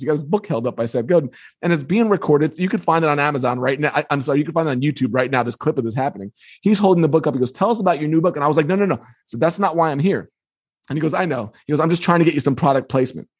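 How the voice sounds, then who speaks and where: A man with a slightly husky voice tells a story about his book as an interview guest. He talks with energy and slips into lively voices when he quotes other people. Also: on the high side, quick pace. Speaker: author and guest. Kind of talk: animated storytelling.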